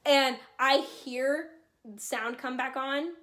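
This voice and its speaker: High bright-voiced excitable young woman. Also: takes it slowly. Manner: excitable, swears a lot, rambling. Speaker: vlogger. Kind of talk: casual storytelling.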